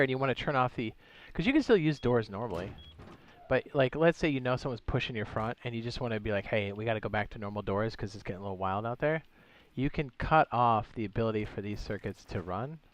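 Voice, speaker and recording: A young man casually chatting on a gaming livestream, thinking aloud as he builds and greets viewers. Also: mid-range voice. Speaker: streamer.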